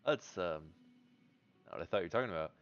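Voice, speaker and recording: Hesitant low-voiced man on a dull mic. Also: expressive, fast, no room sound. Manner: hesitant, polite, many ums. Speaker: player. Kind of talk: playing a character in a tabletop game.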